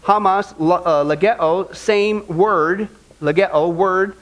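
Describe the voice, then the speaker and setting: A man preaching a sermon as pastor, conversational and animated, often checking in with "okay?". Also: high-pitched, slow pace, low-quality recording.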